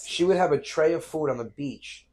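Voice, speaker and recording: Male comedian guest, raspy timbre, animated storyteller, chatty interview. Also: a little high, moderate pace. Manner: animated storyteller acting out family voices. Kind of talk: casual interview chat. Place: comedy club.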